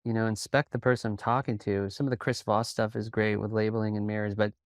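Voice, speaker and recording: Gravelly, calm-talking man in a podcast interview. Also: on the low side, no room sound, clean studio sound. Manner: calm, even delivery with quick bursts of storytelling. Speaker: sales coach and podcast guest. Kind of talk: conversational interview.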